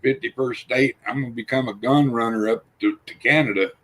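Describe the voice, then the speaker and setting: An older man on a livestream panel, telling rough, profane stories and acting out the voices in them. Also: mid-range voice, steady tone, fairly quick, a bit bright. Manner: rough-spoken, swears freely, acts out quotes. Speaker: panel guest. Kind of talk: casual storytelling on a livestream panel.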